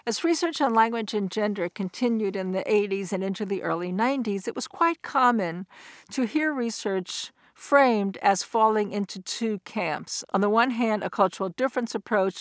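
A middle-aged woman giving a recorded academic lecture, explaining points step by step in a measured, clear way. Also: medium pitch, no room sound, clean studio sound. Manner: measured, explanatory, with quoted examples.

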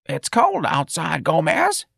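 A man reading an audiobook, voicing a frail, muddled elderly female office clerk with a wheezy voice and slow, frantic delivery. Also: a little high, wildly swooping pitch, creaky, fairly bright tone, breathy edge, no room sound, studio quality, pitched above the performer's own voice, exaggerated voice. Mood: flustered.

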